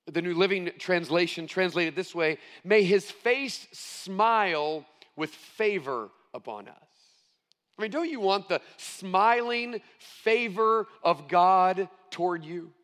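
Male pastor, middle-aged, high voice, earnest sermon, long hall reverb. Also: expressive, fairly bright tone. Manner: earnest, emphatic preaching with slow stressed phrases.

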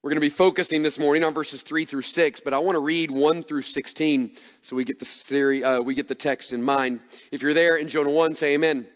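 A man's voice: a little high, fairly even intonation, brisk, hardly any pauses. A male pastor delivering a sermon, reading scripture aloud and building emphatic points with touches of humor. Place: church sanctuary. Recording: long hall reverb.

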